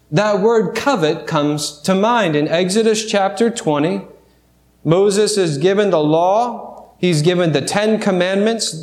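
Pastor preaching in an echoey room. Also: male voice, high-pitched. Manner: conversational preaching with frequent restarts and rhetorical questions. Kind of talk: sermon. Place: church sanctuary.

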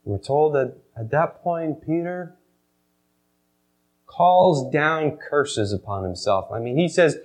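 A man preaching a sermon, retelling a scene dramatically and swinging between loud emphasis and hushed, slow passages. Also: on the high side, lively intonation, low-quality recording. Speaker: pastor.

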